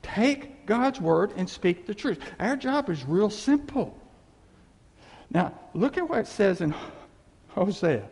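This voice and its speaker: A preacher delivers a folksy sermon in a high, lively, gravelly voice with a husky edge. His words ring out with a long, echoing reverb. He keeps it animated and chatty, dropping in laughing asides. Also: takes it slowly. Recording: echoey hall with long reverb.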